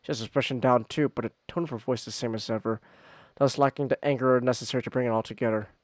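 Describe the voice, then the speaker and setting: A male streamer reading a visual novel aloud, animated, prone to loud profane outbursts. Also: medium pitch, fast talker, no echo.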